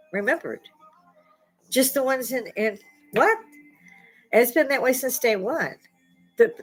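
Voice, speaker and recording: A woman's voice: mid-range voice, rough recording. Riled-up woman in her sixties ranting. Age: 60s. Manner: blunt, profane, riled up, with rising outbursts. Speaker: vlogger. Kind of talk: ranting opinion monologue.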